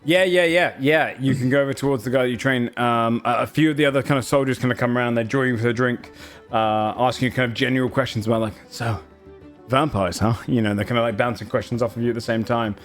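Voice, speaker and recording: A man's voice: mid-range voice, fast. Guy game master rambling through scene setup, lots of ums, faint music behind. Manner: loose, hesitant narration full of fillers. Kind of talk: narrating a tabletop game.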